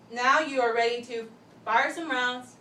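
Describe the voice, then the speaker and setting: A young woman giving a step-by-step class demonstration speech, talking methodically with pauses and restarts. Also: fairly high pitch, sharp tone. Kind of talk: step-by-step instructional demo. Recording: echoey room, voice from a distance, faint background hum.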